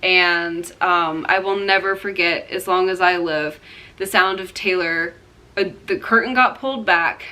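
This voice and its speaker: A woman's voice: fairly low pitch, a little slow, bright, forceful tone. A young woman vlogger telling a personal story to camera in a rambling, heartfelt way, full of fillers and acted-out quotes.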